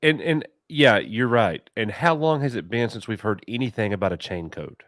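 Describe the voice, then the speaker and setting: A man co-hosting a casual review chat, animated and mocking, with exaggerated reactions. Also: on the low side, moderate pace, no room sound, clean studio sound. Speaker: co-host of a TV review show.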